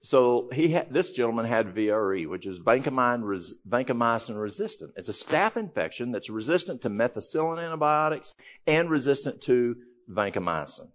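A man's voice: mid-range voice, big pitch swings, brisk. A man giving a conversational, folksy talk to a live audience, telling a story with frequent restarts. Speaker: health ministry speaker.

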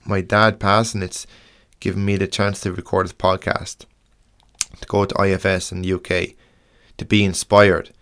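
A young Irish man hosting a podcast, talking earnestly and frankly in a halting way, restarting and swearing as he goes. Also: fairly low pitch, fairly bright tone. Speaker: podcast host. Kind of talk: casual podcast monologue.

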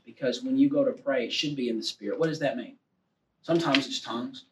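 A man preaching a sermon to a congregation, swinging between loud exhortation and low, confiding tones. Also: fast talker, background noise. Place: church room with a congregation. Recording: echoey room, heard from a distance.

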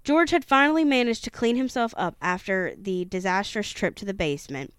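A woman reading a haunted-house book aloud in a steady storytelling manner, now and then tripping over a word and correcting herself. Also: medium pitch, brisk, smooth, dry recording, studio quality. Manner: steady storytelling with occasional stumbles and self-corrections. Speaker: reader of a true-haunting book.

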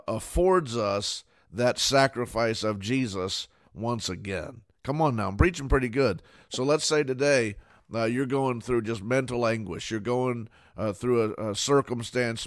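Man, preacher, fervent sermon, stumbling fillers, mid pitch, dry close recording. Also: no room sound. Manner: fervent preaching with many fillers and repeated words. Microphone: camera mic.

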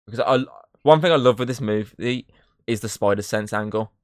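A man chatting casually on a podcast about a film he saw, retelling scenes with lots of swearing and quick acted-out quotes. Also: lowish voice, no echo, studio quality. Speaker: podcast co-host.

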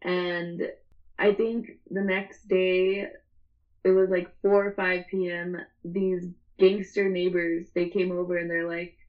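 A woman's voice: fairly low pitch, little pitch movement, slow, lo-fi sound. A young adult woman telling a story in casual chat, rambling and swearing, often breaking into laughter.

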